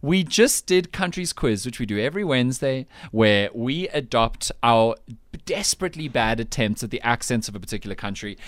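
A man hosting a breakfast radio show, excitable and self-mocking as he laughs his way through the chat. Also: mid-range voice, moderate pace, no room sound, clean studio sound. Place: radio studio.

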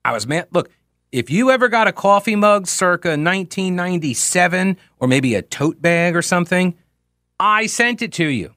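Lively, rambling male radio host. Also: high voice, normal speed, no room sound, clean studio sound. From Charlotte, North Carolina. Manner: rambling, self-mocking, goes off on tangents. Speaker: radio talk show host. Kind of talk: casual monologue with readings.

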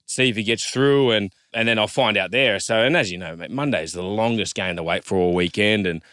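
A man's voice: on the low side, a little fast, a bit bright, smooth, dry recording, studio quality. An Australian man, a co-host and former rugby league player, telling a long story in a chatty, matey way, with many restarts. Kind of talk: casual storytelling.

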